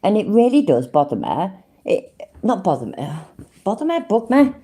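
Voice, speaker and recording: A woman's voice: mid-range voice, very animated, moderate pace, dark tone, breathy edge. A woman with a Leicester accent chatting casually on a live stream, rambling and swearing freely with frequent laughs. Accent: Leicester English.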